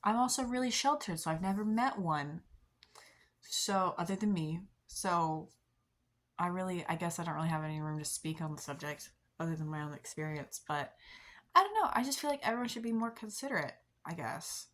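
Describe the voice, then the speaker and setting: A woman's voice: lowish voice, expressive, a little fast. Rambling young woman vlogging to camera. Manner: rambling, many likes and ums, soft self-deprecating laughs. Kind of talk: casual confessional chat to camera.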